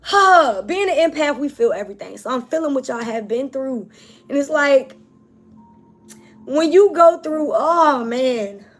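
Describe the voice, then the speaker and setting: A tarot reader with a high-pitched voice speaks a little slowly, with faint music behind her. She gives an emotional spiritual reading, talking casually and emphatically to her viewers while tearful and close to crying.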